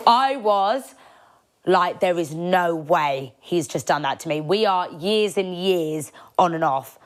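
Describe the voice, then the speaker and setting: A young woman tells a personal story on her podcast. She is chatty and animated, with a slightly low voice, and she acts out what people said and laughs along as she goes. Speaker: podcast host.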